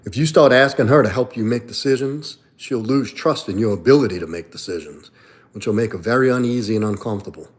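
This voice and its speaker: A man's voice: medium pitch, fast talker. A man hosting a live stream, answering viewer questions from chat in a blunt, profane, opinionated way. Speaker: livestream host and coach. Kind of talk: casual livestream chat.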